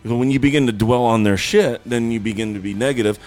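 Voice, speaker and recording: A man's voice: medium pitch, fast, darkish tone, soft background music. A man co-hosting a podcast, rambling and swearing, often breaking into laughter during crude banter with friends. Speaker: podcast co-host.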